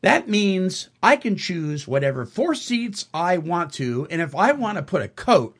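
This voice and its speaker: Husky middle-aged guy hosting radio, lively ups and downs, kinda worked up. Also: sits high, measured pace. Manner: animated, indignant storyteller, chuckles often. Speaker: radio show host. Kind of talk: casual storytelling chat.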